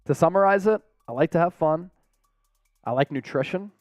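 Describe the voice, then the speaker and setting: A man's voice: on the high side, moderate pace, no echo, faint music behind. A man hosting a live sports stream, chatting casually in a laid-back, rambling way with frequent chuckles. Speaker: sports show host.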